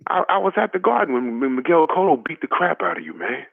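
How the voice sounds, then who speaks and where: A man's voice: on the high side, wildly swooping pitch, fast talker, gravelly, no echo. A man calling in to a talk show, ranting in a fired-up, mocking, profane way. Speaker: caller. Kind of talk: heated phone-in rant. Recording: dry phone line.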